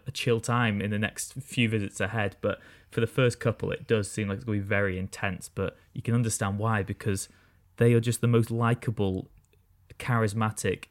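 A man with a fairly low voice co-hosts a casual podcast chat. He talks with enthusiasm and strings his thoughts together in long, flowing runs. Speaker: podcast co-host.

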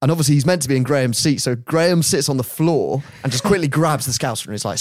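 Man telling an animated story. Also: medium pitch, quick pace, hardly any pauses, no echo, studio quality. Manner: animated anecdote-telling, laughing often. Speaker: podcast host. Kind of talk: casual storytelling.

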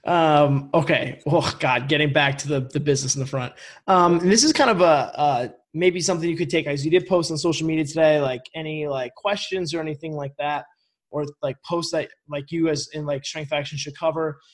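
A young man from Vermont talks loosely as a podcast host. His voice sits a bit high, and he rambles through fillers and restarts in easy, casual chat. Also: a little fast. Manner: rambling, filler-heavy, laughs easily.

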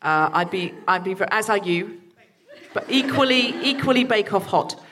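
A woman podcast host reading show announcements and bantering on a live stage, brisk and upbeat. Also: mid-range voice, animated, a crowd in the background.

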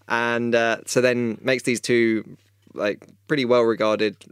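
A man's voice: mid-range voice, lively intonation, slow, clear, resonant tone, no room sound, clean studio sound. A man hosting a film podcast, chatting casually with a rambling, hesitant delivery. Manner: rambling, hesitant, many ums and uhs. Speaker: podcast host. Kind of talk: casual chat.

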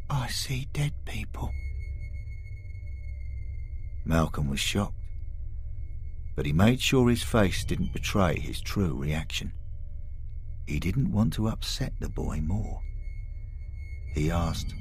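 A man reading a scripted story as narrator, measured and expressive. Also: extremely low pitch, faint music behind.

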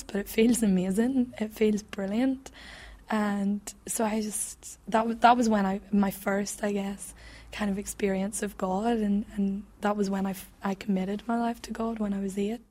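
A woman's voice: mid-range voice, darkish tone. A woman in her twenties sharing a personal testimony in an interview, reflective and hesitant, often restarting her sentences.

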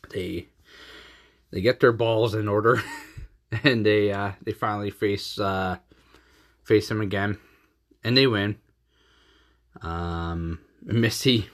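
Slow, low-voiced laughing male podcast host. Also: fairly bright tone. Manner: rambling, joking, laughs often. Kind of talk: casual episode recap and sponsor read.

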